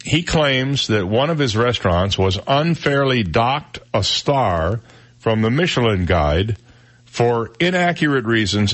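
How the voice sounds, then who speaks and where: A male radio host chats with a sidekick in the studio, joking his way through a strange news item. His voice sits at an average pitch, and he drags out phrases for comic effect. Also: fairly bright tone. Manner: wry, joking, drawn-out delivery. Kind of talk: casual radio chat about odd news.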